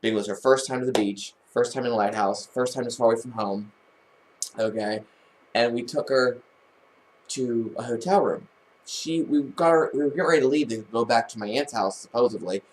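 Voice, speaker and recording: A man's voice: mid-range voice, moderate pace, darkish tone. A man vlogging, telling a personal family story in a casual, rambling way, with many restarts and false starts.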